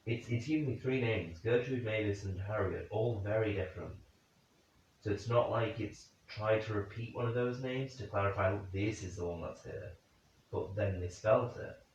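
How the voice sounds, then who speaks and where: A fairly low-voiced paranormal investigator, alone in a room at night, reasons through theories aloud, second-guesses himself, and directly questions spirits during his vigil. He's far from the mic in a heavily echoing space. The sound is dull and lo-fi, with slight background noise.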